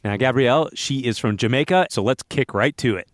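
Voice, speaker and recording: A man hosting a podcast, chatting in a relaxed way with chuckles and fillers. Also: mid-range voice, brisk, over music. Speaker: podcast host. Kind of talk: casual interview chat.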